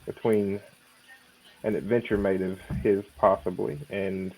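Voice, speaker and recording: A man playing a tabletop game, describing his character's actions in a deliberate, hesitant way. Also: low-pitched, little pitch movement, creaky, warm tone. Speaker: player. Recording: dull lo-fi audio.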